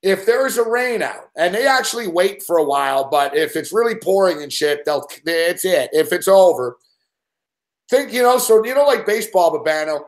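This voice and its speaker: A man hosting a show, telling a long profane story in an agitated, swearing rant. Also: a little high. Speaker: show host.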